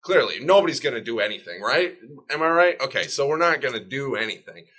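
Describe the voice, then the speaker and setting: Fast, lively male comic. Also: medium pitch. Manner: casual, seeks agreement. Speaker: stand-up comedian. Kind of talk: documentary interview.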